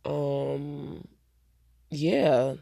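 A woman's voice: low-pitched, steady tone, drawn-out words, creaky, mellow, no echo, clean studio sound. A woman hosting her own podcast, talking bluntly and profanely in a casual solo rant, with a stuffy nose. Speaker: podcast host.

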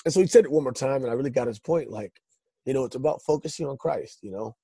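A man's voice: mid-range voice, fast, warm tone, breathy edge, no echo. A man telling his life story in a loose, rambling way, with lots of restarts and fillers. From Northern California. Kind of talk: casual storytelling.

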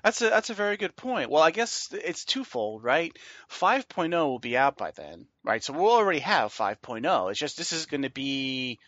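A man's voice: a little high, big pitch swings, moderate pace, hardly any pauses, fairly bright tone, dry recording. A man co-hosting a casual gaming podcast, easygoing and musing, often checking in with "you know" and "right?". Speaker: podcast co-host. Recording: dull, dry lo-fi mic.

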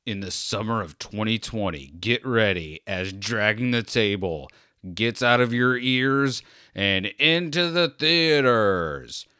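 A man doing a booming movie trailer announcer. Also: lively intonation, pushed and bright, clear, resonant tone, no echo, clean studio sound, heavily acted. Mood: grandiose. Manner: slow dramatic announcing.

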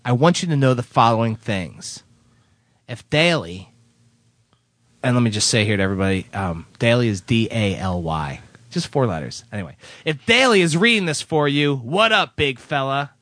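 A man hosting a podcast, reading listener letters aloud in a casual, animated way and laughing now and then. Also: medium pitch, normal speed, dry recording.

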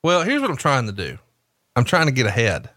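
Animated man telling crude stories. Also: mid-range voice, brisk, no room sound, clean studio sound. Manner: crude, teasing storyteller. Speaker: podcast host. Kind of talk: casual chat.

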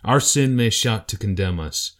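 A man co-hosting a casual Bible study talk, retelling passages as an animated storyteller who acts out voices. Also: lowish voice, moderate pace. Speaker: podcast co-host teaching Bible passages.

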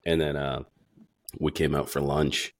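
A man in his forties, a podcast guest, telling stories in relaxed casual chat and swearing freely. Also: rumbling low, a little slow.

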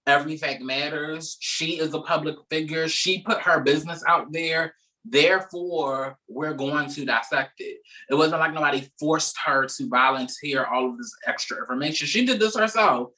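A man co-hosting a podcast, giving opinionated commentary in a measured, emphatic way and repeating points for stress. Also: on the high side, pushed and bright, recorded from a distance, low-quality recording. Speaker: podcast co-host.

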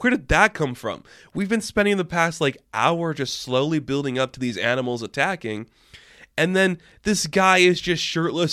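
A young man recapping a movie in a casual, rambling and excitable way, often incredulous and breaking off mid-sentence. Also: on the high side, no echo, clean studio sound. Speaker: movie reviewer.

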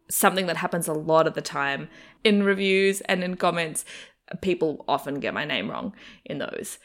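A young adult woman with a faint New Zealand accent, chatting in an interview and laughing often. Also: fairly low pitch. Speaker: actor and comedian interviewee. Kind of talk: casual interview chat.

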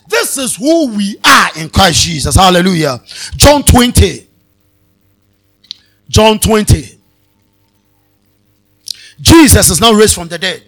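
A man preaching a sermon as pastor at a live convention, repeating phrases and swinging between soft talk and shouts. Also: high-pitched, very animated, slow, long pauses, faint music behind.

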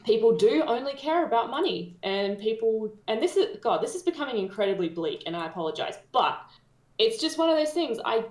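A woman's voice: a little high, animated, brisk, a little mellow, echoey room. A woman with an Australian accent co-hosting a podcast, ranting bluntly and swearing freely in casual chat. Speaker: podcast co-host.

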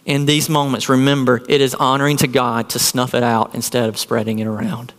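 A man's voice: mid-range voice, little pitch movement, a little fast. Earnest male pastor preaching in a hall. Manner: earnest preaching with rhetorical questions. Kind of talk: sermon.

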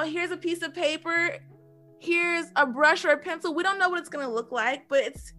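A woman's voice: high-pitched, fairly bright tone. A woman hosting a casual chat, enthusiastic and using many "like" fillers. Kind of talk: casual podcast conversation.

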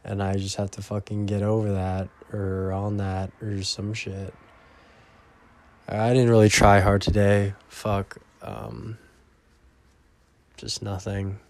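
A man's voice: fairly low pitch, completely flat delivery, slow pace, vocal fry, long pauses. A young man vlogging in a rambling, profane casual monologue that often trails off into mumbles.

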